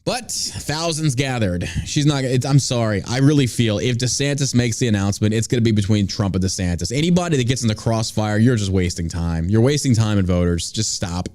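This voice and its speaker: Heated, animated male podcast host. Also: on the low side, a little fast, hardly any pauses. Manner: ranting, profane, heated. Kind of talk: casual political commentary.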